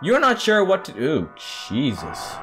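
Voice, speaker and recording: A woman's voice: low voice, wildly swooping pitch, unhurried, faint music behind. A woman gaming YouTuber commenting on a game as she plays, with laughter and exaggerated reactions. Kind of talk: let's play commentary.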